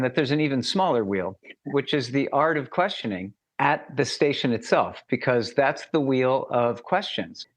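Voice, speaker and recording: A man hosting a conversation who tells stories animatedly and acts out dialogue. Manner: animated, acts out dialogue with lively pitch jumps. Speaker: interviewer and mentoring teacher. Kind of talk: casual interview storytelling.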